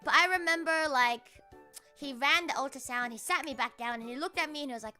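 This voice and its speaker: A young-sounding woman streamer with a high, sharp voice, rambling through a story with lots of swearing. She talks casually and animatedly to her chat. Soft music plays underneath. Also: fairly quick.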